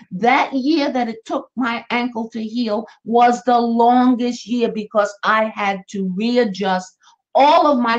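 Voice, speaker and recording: A woman's voice: mid-range voice, lo-fi sound. A woman hosting a weekly motivational live stream, talking animatedly and repeating phrases for emphasis. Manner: animated, repeats phrases, acts out little quoted voices. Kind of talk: motivational talk on a social media live stream.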